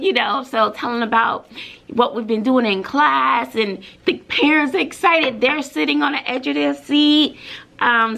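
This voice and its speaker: Woman, from Brooklyn, teacher, casual vlog chat, gravelly tone, bubbly, emotional. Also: on the high side, bright, forceful tone. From Brooklyn, New York. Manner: bubbly and emotional, with many fillers. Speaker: middle school teacher.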